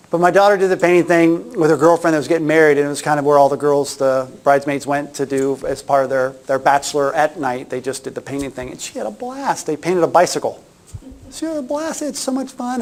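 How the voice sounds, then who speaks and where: A middle-aged man giving a casual workshop talk, chatty and anecdotal, often restarting his sentences. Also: fairly high pitch. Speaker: workshop presenter.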